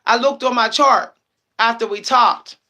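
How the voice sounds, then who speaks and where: Young woman gabbing on a stream, bright voice, keeps laughing, repeats stuff. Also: fairly high pitch, steady tone, unhurried, dull audio. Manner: chatty, laughing often, emphatic repetitions. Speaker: psychic livestream host. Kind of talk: casual livestream chat.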